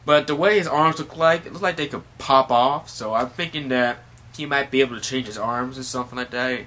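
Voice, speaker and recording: A man's voice: mid-range voice, a little fast, bright, forceful tone. A man casually recapping a manga chapter, rambling with many fillers. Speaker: manga reviewer.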